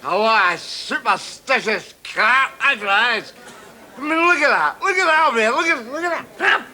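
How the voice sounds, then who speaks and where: An actor playing a belligerent middle-aged Glaswegian drinker, combative and stammering in a scripted sitcom. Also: male voice, very high-pitched, lively intonation, moderate pace, bright, forceful tone, full character voice. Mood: indignant. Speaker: sitcom character.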